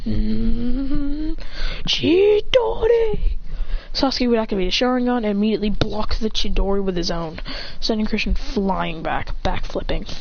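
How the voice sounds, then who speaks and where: A woman tells an improvised action fan story in a loose, casual way, jumping from narration into shouted attack names and gasps. Her voice sits at a middle pitch. The recording is dull and lo-fi. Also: fairly quick.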